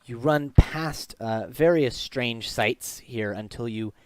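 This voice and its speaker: A man guides his players through a tabletop game, describing each moment at an even, mid-range pitch. His narration is loose and conversational, dotted with ums and uhs. The sound is dry and close, with no room around it. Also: slow pace, dry recording. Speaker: game master.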